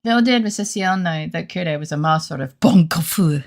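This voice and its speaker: A woman's voice: on the low side, moderate pace. A woman streamer in casual live-stream chat, giggly and chatty and swearing freely.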